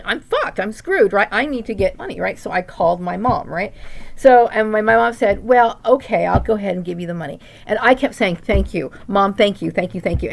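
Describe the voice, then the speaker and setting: A woman's voice: mid-range voice, vocal fry. A middle-aged woman venting in a rambling personal vlog monologue, indignant, with many restarts and tag questions. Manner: rambling, indignant, full of "right?" tags and restarts. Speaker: vlogger.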